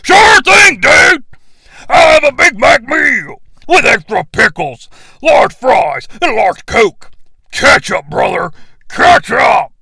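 A brash, bellowing wrestler, as a man puts him on roars every line with a gravelly rasp. The voice rides high and swings wildly in pitch. The sound is close and dry. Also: sing-song, normal speed, dry recording, full character voice. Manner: shouting, hoarse catchphrase bluster. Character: loud pro wrestler impression, brash middle-aged man. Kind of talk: comedic impression reading AI script.

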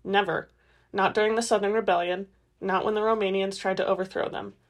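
A stern young vampire man who speaks in a flat, insistent tone, read by a woman. He sounds unmoved. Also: medium pitch, fairly quick, close to an everyday voice.

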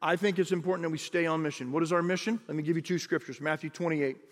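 A man preaching a sermon as pastor, in an animated, conversational way with repeated phrases and asides. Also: a little high, quick pace, big-room sound.

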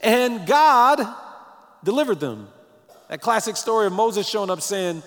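A man preaching a sermon as pastor, animated, sometimes breaking into snatches of song, with his morning voice. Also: high voice, a little slow, big-room sound, soft background music.

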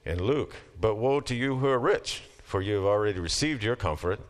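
This middle-aged man lectures casually at a normal speed, his lowish voice expressive. His tone stays conversational until he reads scripture aloud, when his emphasis builds.

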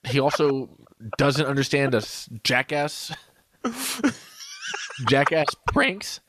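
A man's voice: medium pitch, unhurried, fairly bright tone, slight background noise. A man co-hosting a podcast in casual chat, rambling, laughing and hiccuping after drinking. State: hiccuping, drunk. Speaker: podcast co-host.

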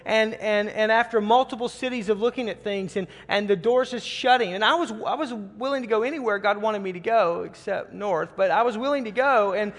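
Pastor, man, middle-aged, earnest storytelling sermon, high voice, reverberant hall. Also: fairly quick, hardly any pauses, a bit bright. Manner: earnest, repeats words when starting phrases.

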